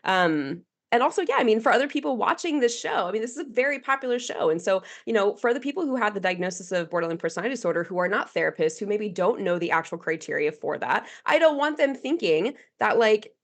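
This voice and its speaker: A woman's voice: medium pitch, expressive, quick pace, few pauses. A young woman guest therapist in casual chat, speaking candidly with many fillers.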